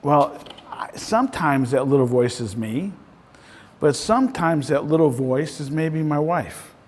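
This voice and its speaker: Husky man coaching in an echoey room. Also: on the high side, expressive, a little slow. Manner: casual and conversational, ends points with "right?". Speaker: real estate coach. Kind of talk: coaching talk to a small group. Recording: voice in a reverberant room.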